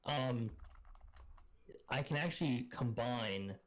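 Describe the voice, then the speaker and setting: A man with a mid-range voice talks slowly in a casual voice chat, his voice passed through an auto-tune changer. He rambles and searches for things out loud, filling the gaps with plenty of fillers.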